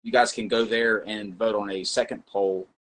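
A man's voice: lowish voice, steady tone, moderate pace, a bit bright, a little hiss or hum, rough recording. Guy hosting a loose chat show, jokey, rambling, ums everywhere. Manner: joking, rambling with fillers. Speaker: host. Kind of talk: casual livestream chat.

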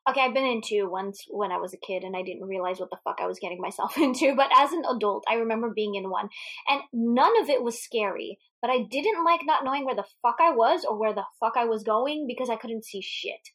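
A woman recaps a movie in loose, casual chat, laughing often as she goes. Her voice sits a bit high, animated and expressive, with freely dropped swear words. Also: fast. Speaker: podcast co-host.

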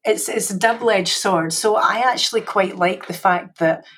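A woman's voice: mid-range voice, normal speed, fairly bright tone, slightly rough. A woman with a Scottish accent, a security executive talking as a podcast guest in a chatty, self-deprecating way with frequent restarts, heard over a video call from her home library. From Scotland. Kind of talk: casual podcast conversation.

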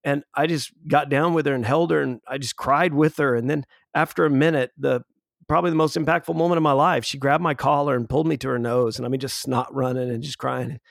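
Male guest in his forties, gravelly voice, dry close sound, earnest storyteller who restarts his sentences. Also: mid-range voice, fairly even intonation, brisk, no echo. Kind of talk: conversational storytelling.

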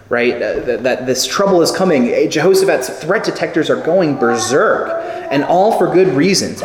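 A man preaching a sermon, telling stories with lively acted-out quotes. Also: medium pitch, slight background noise. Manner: animated storytelling with acted quotes. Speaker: pastor. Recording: echoey hall with long reverb.

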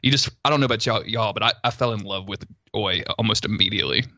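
A man's voice: on the low side, vocal fry, bright, forceful tone, dry recording. A man chatting eagerly about a book, stammering and repeating words, on a slightly dull mic. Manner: quick, stammering enthusiasm. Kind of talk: casual book discussion.

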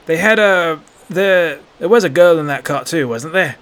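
A man voicing a sneering, brutish adult city gate guard with a gruff, contemptuous manner. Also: a little high, lively intonation, moderate pace, a bit bright, voice pushed up. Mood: grudging.

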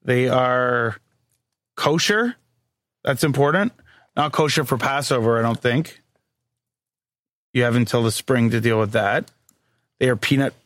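A man's voice: medium pitch, a little slow, pauses often, a bit bright, dry recording. Rambling man co-hosting a podcast. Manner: rambling, many restarts and filler likes. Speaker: podcast co-host. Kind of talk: casual chat.

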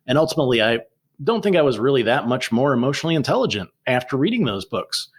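A man talking as a guest author, telling stories in a lively, animated way with frequent restarts. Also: medium pitch, fast talker, breathy edge. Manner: animated storyteller, many restarts. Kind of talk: conversational interview.

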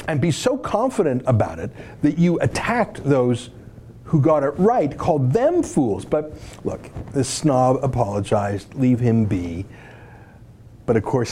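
Mocking man with a lively, swooping voice. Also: medium pitch, a little hiss or hum. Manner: mocking, indignant, rhetorical questions. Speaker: political commentator. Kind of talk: sarcastic political commentary.

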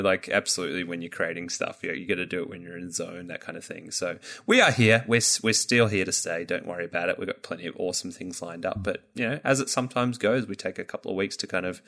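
A man hosting a relaxed podcast in a fairly low voice. He chats in an easygoing, rambling way, full of "you know" and restarts, and stays upbeat. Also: gravelly. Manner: rambling, filler-heavy, upbeat. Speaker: podcast host. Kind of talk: casual podcast chat.

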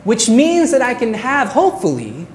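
A woman pastor preaching a sermon in an earnest way, slowing down on her key phrases. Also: fairly high pitch, huge pitch swings, a little mellow, a little hiss or hum.

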